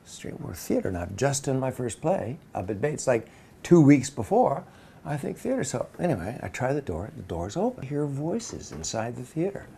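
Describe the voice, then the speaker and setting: A man's voice: mid-range voice, moderate pace, vocal fry, a little hiss or hum. A man animatedly telling an anecdote in an interview, acting out the people he quotes. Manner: lively storytelling, acting out quotes.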